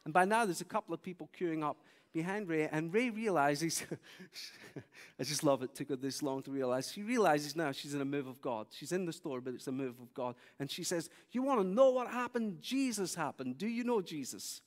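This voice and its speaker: A slightly high-voiced man speaks at normal speed as he preaches in a large church hall. His sermon weaves in stories, and he acts out the people in them with animated quoted speech.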